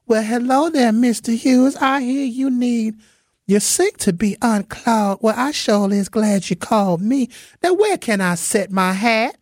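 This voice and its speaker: A man's voice: very high voice, unhurried, dry recording, clean studio sound, pitched above the performer's own voice. A man voicing a genteel, feminine woman plumber with a light Southern accent, sugary and polite. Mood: sweetly polite.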